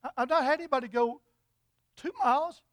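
A man's voice: very high-pitched, brisk, a bit bright, dry recording, clean studio sound, voice pushed up. A man voicing a puzzled soldier who keeps asking, bewildered, what is different about the man beside him. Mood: curious. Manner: baffled, questioning.

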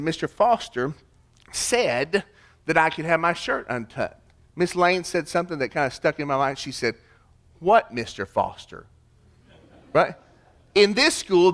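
A male pastor preaching with a somewhat high voice. He delivers his sermon emphatically, rising to loud declarations and then dropping to a hush. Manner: emphatic preaching, swings between loud and hushed.

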